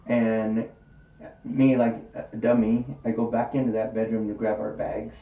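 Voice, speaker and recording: A man's voice: lowish voice, unhurried. Man telling a story in an echoey room. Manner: animated, acts out quoted dialogue. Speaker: podcast host. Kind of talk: casual storytelling in conversation. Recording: roomy, distant, dull with faint hiss.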